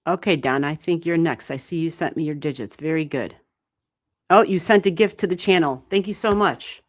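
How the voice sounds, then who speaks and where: A woman giving live astrology readings on a stream, chatty and animated, swearing casually and laughing often. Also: low-pitched, moderate pace. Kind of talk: casual livestream chat.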